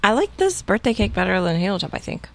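A woman's voice: mid-range voice, very animated, fast talker, vocal fry. A young woman co-hosting a podcast, chatting casually in a playful, teasing way. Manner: playful, laughs while talking. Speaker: podcast co-host. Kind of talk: casual chat.

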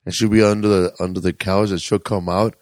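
A man's voice: low-pitched, little pitch movement, fairly quick, a little mellow, no echo. A man co-hosting a podcast, telling stories about neighbors in a loose, rambling way with lots of hesitation. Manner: rambling, hesitant, many fillers and restarts. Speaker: podcast co-host. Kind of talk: casual storytelling chat.

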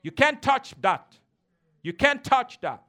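A man's voice: extremely high pitch, very animated, slow pace, bright, forceful tone. A man preaching a sermon as a pastor, emphatic and teasing, calling on the congregation to respond.

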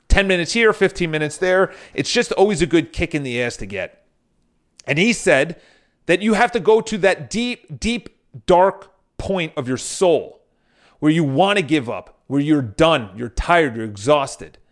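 A man's voice: on the high side, fairly bright tone. A man speaking to viewers in a casual motivational monologue, telling stories with frequent restarts and casual swearing. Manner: addresses viewers directly.

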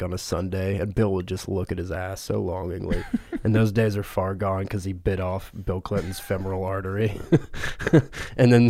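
A man's voice: on the low side, a little mellow, dry recording, studio quality. A man co-hosting a podcast, improvising a crude comic story and laughing through his own lines. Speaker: podcast co-host.

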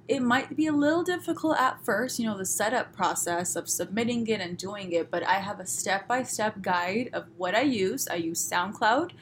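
A woman with a Southern California accent talks quickly and crisply through a solo podcast episode. Her chatty, upbeat delivery is full of little fillers, with her voice at an ordinary middle pitch. A faint room noise sits under her podcast microphone. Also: fairly bright tone. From Los Angeles, USA. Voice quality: fast-talking, crisp pronunciation. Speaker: podcast host.

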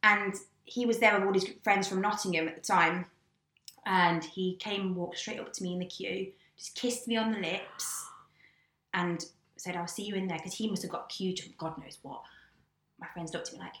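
A young woman from England telling a story in casual chat, animated and swearing, acting out the voices she quotes. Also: medium pitch, moderate pace, roomy sound. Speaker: guest.

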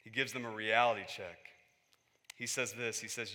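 A man's voice: mid-range voice, unhurried, pauses often, pushed and bright, long reverb tail. A man preaching a conversational sermon as a pastor, acting out quoted voices and building to emphatic peaks.

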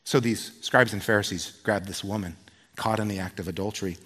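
Animated male preacher in a reverberant hall. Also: fairly low pitch, a little fast, slightly rough. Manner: animated storytelling, swings from loud to hushed. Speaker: pastor. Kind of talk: sermon with personal story.

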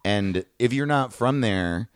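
A man from New York, a comedian guest on a podcast, telling stories in an animated, swearing way with acted-out quotes. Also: medium pitch, takes it slowly, clean tone, no echo, clean studio sound. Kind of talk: podcast storytelling chat.

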